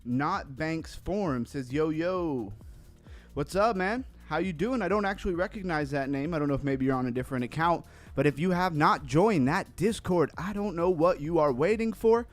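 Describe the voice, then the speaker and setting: A man's voice: a little high, a little fast, few pauses, faint music behind. A man hosting a casual crypto livestream, upbeat and rambling, a little out of breath after cardio. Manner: upbeat, reads chat names aloud, rambling. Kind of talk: casual live-stream chat.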